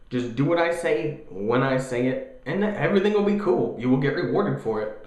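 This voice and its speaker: A young man in his twenties ranting casually in a vlog, animated and jokey, mocking other people's voices. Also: fairly high pitch, fairly quick, roomy sound. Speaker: vlogger.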